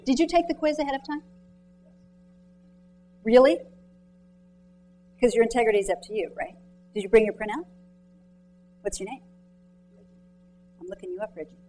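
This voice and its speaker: Chatty, animated woman giving a motivational talk. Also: a little high, normal speed, pauses often, faint music behind, rough recording. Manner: chatty, animated storytelling with many "like"s; quizzes the audience directly. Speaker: author speaking to students and mentors. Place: lecture room.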